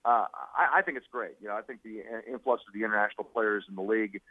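A male sports broadcaster, a guest on a radio show, chatting quickly over the phone with many fillers and laughs. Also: fairly low pitch, slightly rough, no echo. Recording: tinny phone line.

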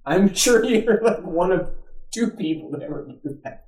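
A man's voice: sits high, animated, normal speed, a little mellow, echoey room, far from the mic, poor audio. A man hosting a podcast, joking and swearing freely, laughing along with his guest. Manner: profane, joking, laughs easily. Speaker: podcast host. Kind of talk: casual podcast banter.

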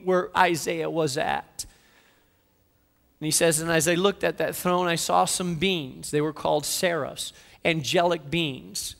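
A man preaching a dramatic sermon, swinging from soft passages to loud declarations. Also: sits high, a little slow, creaky, long reverb tail. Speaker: pastor.

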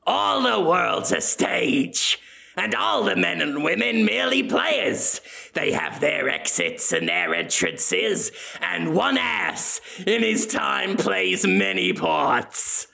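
A man putting on a famous actor's voice to recite Shakespeare lines in a slow, grand, declaiming manner. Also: high voice, sing-song, creaky, sharp tone, voice pushed up, heavily acted. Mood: grandly declaiming. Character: [impression of a famous actor] gravelly theatrical man reciting quotes.

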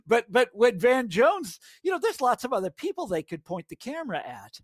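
A man's voice: very high voice, sing-song, moderate pace, dry recording, clean studio sound. A middle-aged American man, a guest writer, talking in a casual podcast interview and rambling with many restarts. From United States. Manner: rambling, restarts often, chuckles at his own stories.

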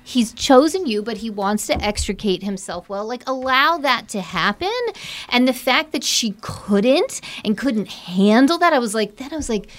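A woman's voice: a little high, lively intonation, normal speed, a bit bright. A woman co-hosting a casual chat, giving exasperated opinions on a reality show. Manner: opinionated, exasperated, talks it through. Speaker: co-host.

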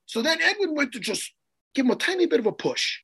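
A man co-hosting a chat show, telling a story in an excitable, profane way with lots of restarts. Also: very high voice, fast. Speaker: podcast co-host and martial arts coach. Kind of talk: casual chat, animated storytelling.

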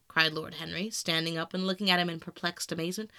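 A man narrating a classic novel in a measured, quiet storytelling manner, close to the mic. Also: on the high side, fairly even intonation, clean tone. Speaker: audiobook reader.

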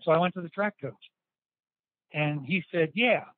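A man's voice: fairly high pitch, normal speed, no echo. Male interview guest, loose storyteller full of restarts and quotes; thin phone-line sound. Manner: rambling anecdotes with many restarts and quoted dialogue. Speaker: interview guest, former football player. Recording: dry tinny phone-like sound.

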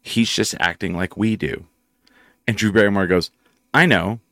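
A man's voice: low-pitched, moderate pace, dry recording, clean studio sound. A man hosting a casual talk show, telling stories and acting out quotes. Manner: animated storyteller, acts out quotes. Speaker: radio show host. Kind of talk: casual chat.

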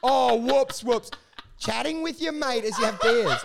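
A man, rambling excitably and swearing in casual podcast banter. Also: extremely high pitch, a little slow, gravelly, heavy background noise. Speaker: podcast co-host.

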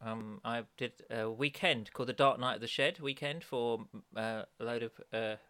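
A man's voice: medium pitch, normal speed, sharp tone, clear, resonant tone. A middle-aged man co-hosting a podcast, chatting casually with dry, self-mocking humour. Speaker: podcast co-host and speaker. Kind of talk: bantering podcast chat.

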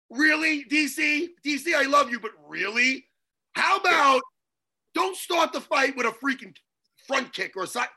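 Male sports co-host, high and bright, fiery theatrical ranter. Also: lively intonation, normal speed. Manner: fiery, theatrical ranting with bursts of shouting. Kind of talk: heated sports talk.

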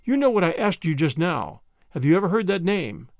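A man playing a flippant young adventurer, jaunty and bright. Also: high voice, sing-song, a little fast, vocal fry, dry recording, clean studio sound, exaggerated voice. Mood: eager. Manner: jaunty, joking, mock-grand. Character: cheeky young English adventurer, flippant and bold. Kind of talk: audiobook character voice.

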